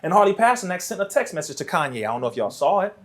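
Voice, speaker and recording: A man speaking as a podcast guest, preachy and animated, his voice rising toward near shouts in a studio. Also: high voice, rapid-fire. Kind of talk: impassioned podcast talk.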